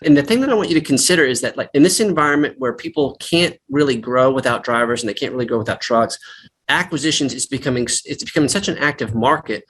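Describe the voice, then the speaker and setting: A man's voice: medium pitch, quick pace, fairly bright tone, husky. A man hosting a business training webinar, speaking in an emphatic, direct way with plenty of "like" fillers. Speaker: webinar host and M&A advisor.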